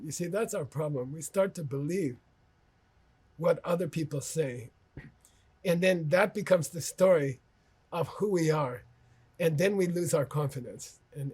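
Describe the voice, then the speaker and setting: A man's voice: on the high side, mellow, slightly rough. A man teaching an online course in a conversational manner, telling anecdotes about himself and often checking in with "okay?" and "you know".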